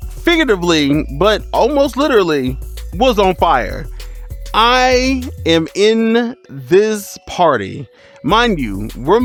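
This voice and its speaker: Animated man telling a storytime. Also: a little high. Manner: animated, laughing and exclaiming. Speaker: streamer. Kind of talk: storytime vlog.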